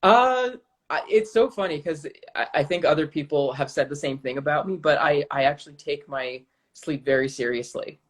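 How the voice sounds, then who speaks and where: A man's voice: a little high, moderate pace. A man who is a guest on a live-stream chat, talking casually and hedging as he goes.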